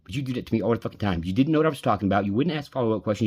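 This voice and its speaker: Man, husky and slightly low voice, bitter profane rant at an ex-friend. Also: expressive, racing, few pauses, darkish tone. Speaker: vlogger venting. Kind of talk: angry personal rant.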